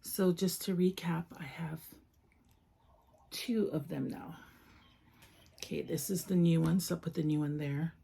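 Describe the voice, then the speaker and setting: Woman unboxing little toys, slow and lowish, kinda creaky, soft almost-whispery gushing. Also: steady tone. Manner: soft-spoken, often dropping to a whisper; gushing over each toy. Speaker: toy collector vlogger. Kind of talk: casual unboxing chat.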